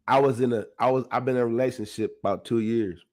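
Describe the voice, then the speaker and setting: Animated man hosting his own podcast. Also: medium pitch. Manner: animated, laughs often, talks straight to the audience. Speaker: podcast host. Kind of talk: casual motivational monologue.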